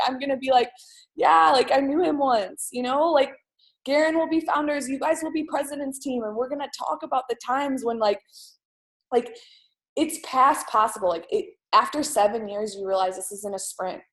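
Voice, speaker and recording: A young woman leading her team on a group call, giving a motivational pep talk, emphatic and repeating her points, with lots of "like". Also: fairly high pitch. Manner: emphatic, repeats lines for effect, heavy use of "like". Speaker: team leader on a sales team call. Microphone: call audio from a computer or phone mic.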